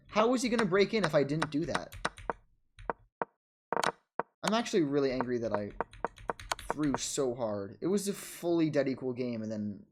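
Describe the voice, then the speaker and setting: A man in a casual chess vlog, narrating his own game in quick bursts and scolding himself for his mistakes. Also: fairly high pitch, background noise. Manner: frustrated, self-critical, talks in quick bursts and trails off. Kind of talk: casual self-commentary over a chess game.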